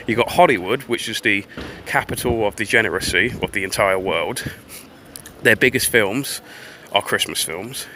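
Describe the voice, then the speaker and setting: Rambling man on a bright street stream. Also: on the low side, slight background noise. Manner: rambling, profane. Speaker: livestreamer. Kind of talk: casual walking commentary. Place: outdoors on a town street. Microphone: phone livestream.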